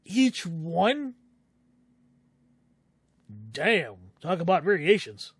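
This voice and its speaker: Man, streamer, high voice, halting read-aloud, casual chat, dry sound. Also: very animated, breathy edge, dry recording. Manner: musing, reads aloud haltingly, self-correcting. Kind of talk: casual stream chat, reading game dialogue and notes aloud.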